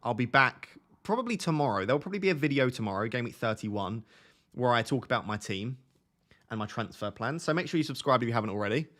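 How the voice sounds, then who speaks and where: A man's voice: mid-range voice, animated, quick pace, a bit bright. Essex-accented man, young adult, casual livestream chat, talking to viewers, close microphone. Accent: Essex English. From Essex, England. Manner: chatty, reads and answers viewer chat. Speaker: livestream host. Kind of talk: casual live stream chat. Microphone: close desk microphone.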